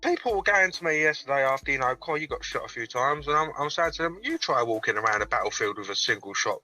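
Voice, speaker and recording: Male caller, deadpan and sweary, very bright edge, video-call audio with faint music. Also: medium pitch, fast, low-quality recording. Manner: sweary, deadpan, self-mocking banter. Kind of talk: casual call-in chat.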